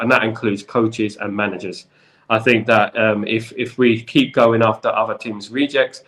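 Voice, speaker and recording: A man's voice: on the low side, a bit bright. A man with a London accent hosting a football channel, chatting with viewers on a live stream in a repetitive, conversational way. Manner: repetitive, chatty, keeps saying "in regards to".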